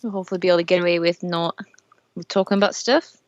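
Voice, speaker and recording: A woman's voice: lowish voice, fast. Hesitant woman player, slightly dull sound. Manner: hesitant, full of fillers. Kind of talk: casual in-character chat.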